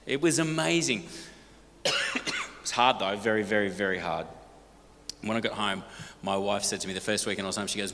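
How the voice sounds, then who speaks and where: A middle-aged man with an Australian accent speaks to a church congregation, his voice on the low side. He tells stories in a lively, joking way and keeps asking the audience questions. The sound rings with the long reverb of a large church hall. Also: fairly quick, pauses often, a little hiss or hum. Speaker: guest speaker. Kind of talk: storytelling talk to a church congregation.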